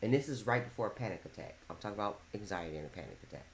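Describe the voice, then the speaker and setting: A woman's voice: very deep voice, lively intonation, racing, creaky, roomy sound, slight background noise. A woman telling her story bluntly and animatedly in a candid group chat, swearing freely. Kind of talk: candid group chat about mental health. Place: bedroom with others on a bed.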